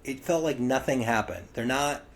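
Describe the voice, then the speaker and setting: A man's voice: medium pitch, moderate pace. Chatty male podcast co-host. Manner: chatty, lots of "yeah" and "you know" fillers. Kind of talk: casual chat.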